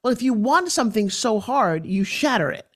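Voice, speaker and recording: A woman's voice: a little high, moderate pace. Forthright New York woman telling stories. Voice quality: animated and forthright. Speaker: guest. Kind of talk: podcast interview storytelling.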